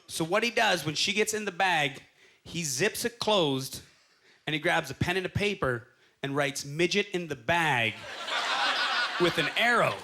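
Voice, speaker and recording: Bright, high-voiced man doing stand-up. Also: animated, a little slow. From Canada. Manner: storytelling, acting out quoted voices. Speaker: stand-up comedian. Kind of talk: stand-up comedy set. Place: comedy club stage. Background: audience laughter.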